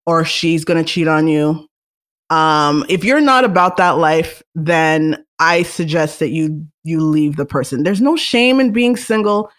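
A young woman hosting a solo podcast, talking casually in a chatty, animated way. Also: medium pitch. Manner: chatty, animated, restarts and laughs. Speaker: podcast host.

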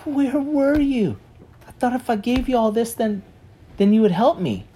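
Guy doing a desperate beat-up homeowner, pitched way up, mellow tone. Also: lively intonation, normal speed, a little hiss or hum. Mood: pleading. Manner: pleading, high and strained. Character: desperate man beaten by the devil.

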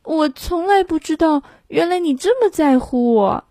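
A woman voicing a gloomy female cow in a bilingual storybook, speaking slowly and coaxingly. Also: high-pitched, animated, dark tone, no echo, studio quality, pitched above the performer's own voice.

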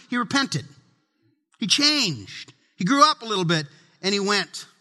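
A man's voice: high voice, expressive, moderate pace, pushed and bright, in a large hall. A middle-aged man preaching a sermon as pastor, humorous and conversational, acting out little family scenes.

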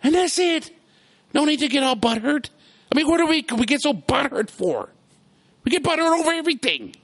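Animated man hosting a show. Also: extremely high pitch, a little fast. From South Texas. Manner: animated, rambling, laughs often. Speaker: podcast host. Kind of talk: casual chat.

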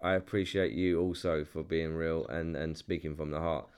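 A young man with a London accent hosts an easygoing chat in a deep, low voice. He restarts his sentences and repeats himself as he goes, and swears casually. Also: little pitch movement, moderate pace, a little mellow, smooth. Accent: London English. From England. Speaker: podcast host.

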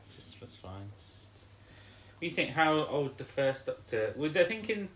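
A man's voice: mid-range voice, sing-song, normal speed, a bit bright, echoey room. A man co-hosting a casual podcast, rambling and hesitant, with plenty of fillers and jokey asides. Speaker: podcast co-host. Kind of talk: casual chat.

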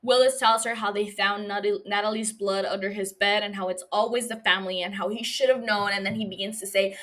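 A woman podcast host recapping a TV episode in casual chat, reacting with lively, profane outbursts. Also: medium pitch, a little fast, hardly any pauses. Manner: animated, profane, gushing reactions.

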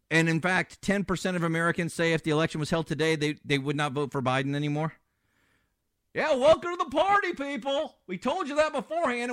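Guy filling in on talk radio, ranting and sarcastic, pitch jumps all over. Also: a bit bright, no echo, studio quality. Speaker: fill-in talk radio host. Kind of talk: political talk radio commentary.

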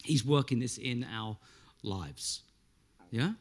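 A man's voice: medium pitch, takes it slowly. A man in his thirties preaching a sermon, emphatic and conversational, with frequent restarts and rhetorical asides to the congregation. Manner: emphatic, rising to loud stresses. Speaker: pastor.

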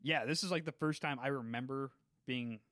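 A man co-hosting a podcast in casual chat, earnest, talking in quick bursts with lots of fillers. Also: mid-range voice, a bit bright, no echo, studio quality. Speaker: podcast co-host.

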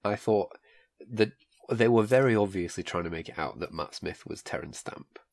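A man co-hosting a casual film review podcast, calm and laid-back. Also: on the low side, moderate pace, vocal fry. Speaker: podcast co-host.

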